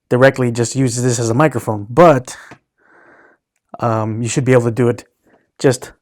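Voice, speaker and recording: A man's voice: mid-range voice, a little mellow. A man hosting his own podcast, telling a long story as a casual, profane rant and acting out the people he quotes. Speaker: podcast host.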